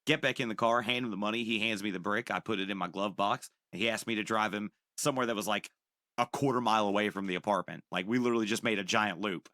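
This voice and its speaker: A young man on a podcast telling a profane, animated story and acting out the people in it. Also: on the low side, fast talker, no echo, studio quality. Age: young adult. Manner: animated, profane, acts out quoted voices. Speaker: podcast co-host. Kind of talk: casual storytelling.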